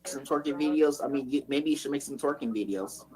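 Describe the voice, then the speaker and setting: A streamer who trash-talks crudely, swearing and repeating words in quick bursts. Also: medium pitch, darkish tone, a little hiss or hum, poor audio. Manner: rapid, profane, stammering repeats. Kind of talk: crude casual trash talk.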